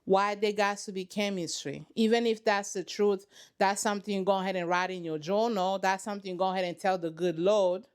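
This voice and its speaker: A woman's voice: mid-range voice, steady tone, a little fast, clean tone. A woman hosting a reaction channel, giving sassy, dramatic running commentary on a reality show from her couch at home.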